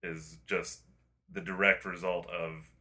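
A man's voice: low-pitched, little pitch movement, slow, sharp tone. A man in casual chat who rambles, restarts his sentences a lot and swears now and then.

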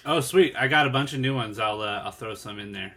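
A man hosting a podcast, chatting relaxed and casually with a guest over a video call. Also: medium pitch, a little fast. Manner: relaxed, laid-back, uses "like" and "you know" often. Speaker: podcast host. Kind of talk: casual interview chat.

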